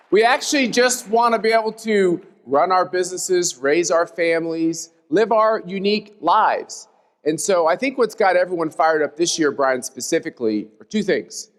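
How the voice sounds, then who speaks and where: A man hosting a stage panel discussion, talking in an emphatic, upbeat way. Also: on the high side. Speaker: conference host. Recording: long hall reverb.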